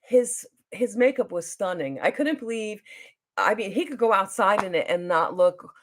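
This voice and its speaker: A woman tells a story on her livestream in a loose, rambling way. She often loses her place and restarts, then jumps into high, excited bursts when she quotes someone. It sounds like casual talk from home. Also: moderate pace, background noise. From New Jersey. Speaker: beauty vlogger.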